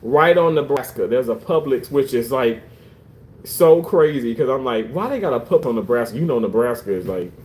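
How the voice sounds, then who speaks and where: An animated streamer with a mid-range, somewhat dark voice rants for laughs on a livestream at a moderate pace. There's plenty of swearing, joking, and theatrical fake crying, all captured far from the mic in a roomy setting.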